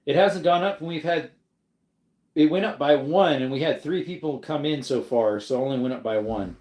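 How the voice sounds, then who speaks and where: Speaking at normal speed in a slightly high, darkish voice, a man runs a casual livestream in an echoey room. He rambles freely, reading out viewers' chat messages and replying to them.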